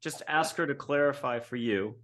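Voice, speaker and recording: A man hosting a spiritual interview show, speaking in a gentle, reflective and musing way as he asks questions. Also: medium pitch, moderate pace. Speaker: host.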